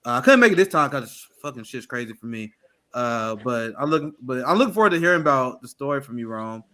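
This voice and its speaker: A man hosting a casual political podcast, energetic and quick to laugh. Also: mid-range voice. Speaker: host.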